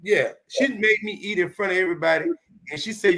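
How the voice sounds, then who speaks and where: A man in his fifties from Chicago, speaking with a high, bright voice. He tells stories from his childhood in a lively, swearing, emphatic manner and keeps pressing each point hard. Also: brisk. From Chicago, United States. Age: 50s. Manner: animated, profane, emphatic. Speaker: comedian guest. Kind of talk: candid storytelling.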